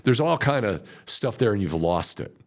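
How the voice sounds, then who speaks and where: A man's voice: on the low side, moderate pace. A middle-aged man, a veteran wholesaler talking in a conversational coaching way and acting out client quotes as he goes. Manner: animated storyteller, acts out client quotes.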